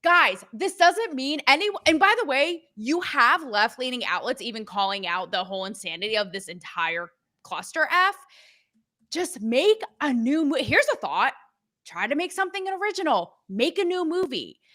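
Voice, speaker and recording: Brief: young adult woman co-host, mocking and sassy, bright tone. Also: high-pitched, very animated, moderate pace. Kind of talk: opinionated political chat show.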